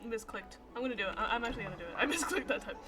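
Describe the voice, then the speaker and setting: A woman's voice: on the high side, expressive, racing, music in the background. A young woman streaming a game, reacting nervously, swearing and laughing. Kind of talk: live gameplay commentary.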